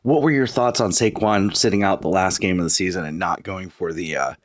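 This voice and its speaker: A man hosting a casual podcast, steering topics with a halting, filler-heavy delivery. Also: deep voice, no echo, clean studio sound. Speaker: podcast host. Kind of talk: casual chat.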